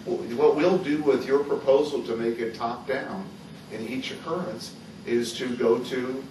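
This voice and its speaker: A man's voice: medium pitch, fairly even intonation, unhurried, a little mellow. A man on the county's side of a contract bargaining session, pressing insistently for a straight answer. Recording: distant, roomy, noisy meeting-room recording.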